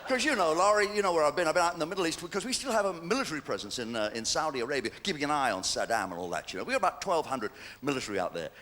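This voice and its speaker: A man's voice: on the high side, big pitch swings, very fast, hardly any pauses, bright, forceful tone, a little hiss or hum. An English man in his sixties doing live stand-up comedy, chatty and cheeky with well-timed punchlines, on stage at a large venue.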